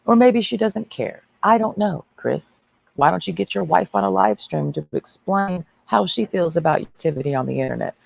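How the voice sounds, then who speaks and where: A woman's voice: on the low side, animated, normal speed, vocal fry, no echo, rough recording. A woman ranting on a livestream in a brash, mocking, preachy way.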